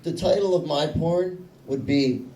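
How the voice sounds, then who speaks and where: A young man doing a stand-up comedy set, telling self-mocking stories in a deadpan way. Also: on the high side, a little slow. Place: small comedy club. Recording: echoey room, voice from a distance.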